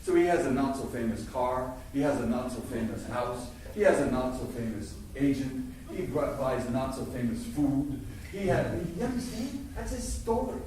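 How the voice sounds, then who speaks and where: A man's voice: mid-range voice, moderate pace, few pauses, far from the mic, slight background noise. Older man telling stories in an echoey hall. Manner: animated storyteller, stammers and restarts, bursts into loud impressions. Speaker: acting teacher. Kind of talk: lively workshop talk. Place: large hall before an audience.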